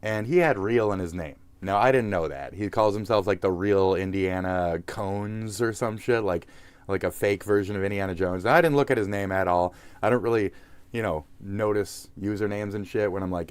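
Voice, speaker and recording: A man with a fairly low voice rants through a livestream as its host. He swears constantly and mocks his targets. His talk rambles from point to point. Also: fairly quick, clean tone, no room sound. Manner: profane, mocking, rambling. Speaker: live streamer. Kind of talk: livestream rant.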